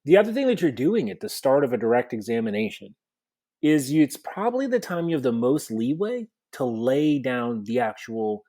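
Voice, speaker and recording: A man's voice: medium pitch, a little mellow. Man coaching in a podcast chat. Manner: explanatory, coaching tone with rhetorical questions. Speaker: podcast co-host and mock trial coach. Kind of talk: conversational podcast advice.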